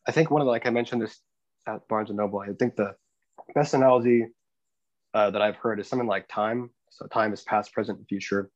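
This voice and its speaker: A man's voice: fairly low pitch, fairly even intonation, no room sound, dull audio. A young man co-hosting a casual podcast, explaining things hesitantly and restarting his sentences often. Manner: hesitant, many restarts and fillers, explaining slowly. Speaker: podcast co-host.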